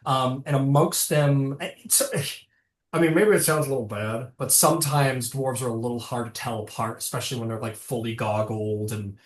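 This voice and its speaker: A game master narrating a tabletop game, rambling and stopping often to correct themselves. The voice sits at a middle pitch. It carries an echoey room sound. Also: steady tone, moderate pace. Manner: rambling, full of fillers and self-corrections.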